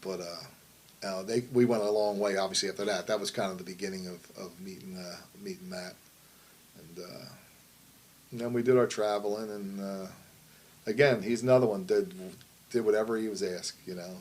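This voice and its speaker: A man's voice: low-pitched, fairly even intonation, moderate pace, a little mellow, low-quality recording. A middle-aged man telling wrestling stories in a casual interview, rambling and profane, often asking "you know what I mean". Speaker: wrestling promoter.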